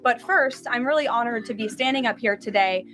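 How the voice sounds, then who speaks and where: A woman's voice: a little high, a little fast, fairly bright tone, soft background music. A woman spokesperson opening a formal press briefing in a polished, upbeat, welcoming way.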